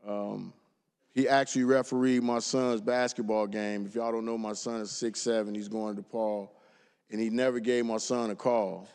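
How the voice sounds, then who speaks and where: A retiring state representative giving a casual, heartfelt farewell speech and thanking colleagues by name in a legislative chamber. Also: male voice, fairly low pitch, little pitch movement, normal speed, gravelly, a little mellow, clean tone. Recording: long reverb of a large legislative chamber.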